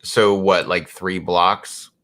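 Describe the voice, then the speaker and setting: A man's voice: low voice, fairly even intonation, slow, bright, forceful tone. A man hosting a livestream, chatting easily and saying "like" constantly. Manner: easygoing, filler-heavy, says "like" constantly. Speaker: livestream host. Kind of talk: casual late-night chat.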